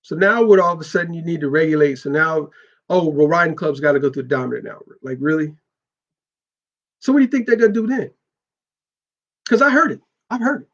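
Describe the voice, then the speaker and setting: A man's voice: a little high, expressive, fairly quick, pauses often, a bit bright, muffled recording. A middle-aged man talking bluntly and profanely in a casual monologue about motorcycle club business. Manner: blunt, profane, emphatic street talk.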